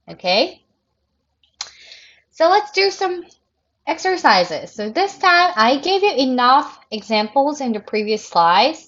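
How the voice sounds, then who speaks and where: A woman teacher giving a recorded grammar lecture in a creaky, tired voice, speaking deliberately and often restarting to correct herself. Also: mid-range voice. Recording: dull lo-fi lesson recording.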